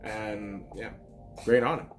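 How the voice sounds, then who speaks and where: Excitable, foul-mouthed man talking football. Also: fairly low pitch, slow, faint music behind. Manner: excitable, profane, swings between loud outbursts and mumbles. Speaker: podcast host. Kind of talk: casual solo football chat.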